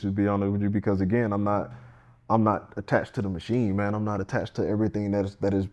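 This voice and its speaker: A man's voice: on the low side, little pitch movement, fast talker, darkish tone, lo-fi sound. A man, a candidate speaking earnestly and plainly in a casual interview, often restarting his sentences. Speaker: congressional candidate and firefighter.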